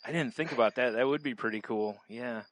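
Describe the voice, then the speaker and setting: A man's voice: mid-range voice, brisk, a crowd in the background. A man co-hosting a casual podcast, rambling and trailing off, laughing often as he talks. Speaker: podcast co-host.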